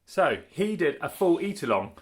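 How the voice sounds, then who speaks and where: A man's voice: on the high side, very animated, normal speed. A man vlogging in casual chat, rambling, laughing often and correcting himself as he goes. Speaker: cycling vlogger.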